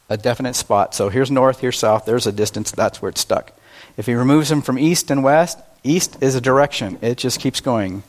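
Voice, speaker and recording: Male pastor, mid-pitched, conversational sermon delivery, slows down for emphasis. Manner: conversational and self-deprecating, with emphatic slowed phrases.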